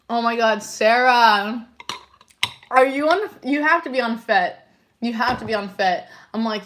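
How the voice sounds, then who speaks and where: A young woman chatting casually on a livestream, giggling and reacting excitedly to viewer comments. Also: on the high side, normal speed, pauses often, a little hiss or hum. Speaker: livestream tarot reader.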